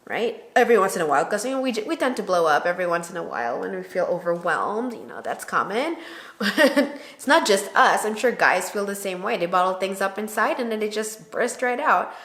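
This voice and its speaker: A woman's voice: medium pitch, brisk. A woman, a new mother, chatting casually to camera with her husband and acting out remembered conversations. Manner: animated storyteller who acts out quoted dialogue. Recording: roomy echo.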